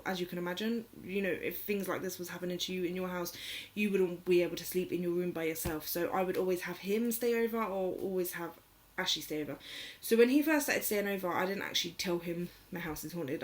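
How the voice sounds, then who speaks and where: A young woman casually telling a personal story, rambling with lots of fillers and getting emotional. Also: lowish voice. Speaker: vlogger.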